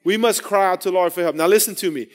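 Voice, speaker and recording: A man's voice: high-pitched, fast talker. A man preaching a sermon in an earnest way, often repeating and restarting his phrases and building to emphatic raised passages.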